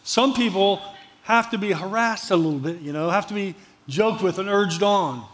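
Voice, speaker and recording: A pastor with a high voice delivers a sermon. He talks in a conversational, storytelling way and drives home points by repeating phrases. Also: moderate pace, a bit bright.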